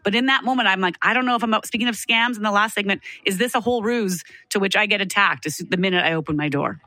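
A woman's voice: medium pitch, fast talker, pushed and bright, no room sound. A woman radio host, telling a story in a conversational talk radio discussion.

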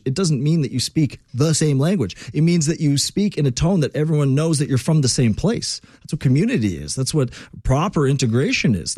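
Man, radio host, lively swinging pitch, dry close studio sound, emphatic, opinionated. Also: breathy edge, dry recording. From Quebec, Canada. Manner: animated, emphatic, rambling. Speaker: radio talk show host. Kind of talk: opinionated talk radio monologue.

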